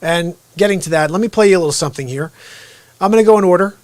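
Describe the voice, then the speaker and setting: A middle-aged man hosting an unscripted live stream monologue, energetic, with sudden loud outbursts and low, quiet asides. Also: racing, no echo.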